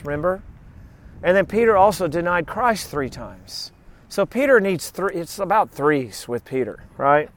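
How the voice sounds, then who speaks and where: A middle-aged man preaching a sermon, reading scripture aloud and breaking into animated, joking asides. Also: high-pitched. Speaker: pastor.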